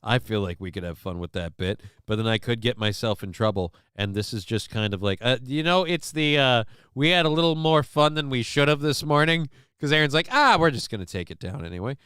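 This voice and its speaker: A man's voice: mid-range voice, fairly quick, hardly any pauses, fairly bright tone, smooth, no echo. A man hosting a commentary show, rambling casually with many fillers and frequent swearing. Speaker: show host.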